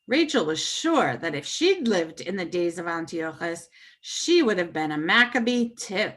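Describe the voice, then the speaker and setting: A woman reading a children's story aloud with puppets, expressive and animated. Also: on the low side, unhurried.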